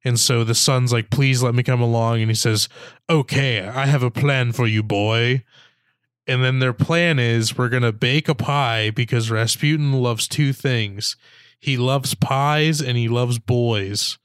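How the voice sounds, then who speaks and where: A man's voice: mid-range voice, fairly even intonation, measured pace, clean tone, no echo, studio quality. A man in casual chat reviewing a movie, rambling with lots of "like" and mock-quoting characters. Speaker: podcast co-host.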